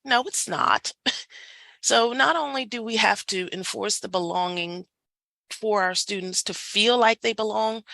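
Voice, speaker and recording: A woman presenting a faculty workshop over a video call, talking in a lively way and laughing easily. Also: lowish voice, no room sound, rough recording.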